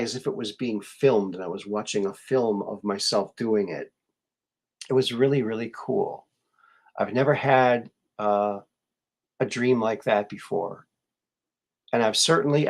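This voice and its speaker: Slow-talking man hosting a show. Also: lowish voice. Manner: rambling, musing, many fillers and restarts. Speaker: show host. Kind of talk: casual live-show chat.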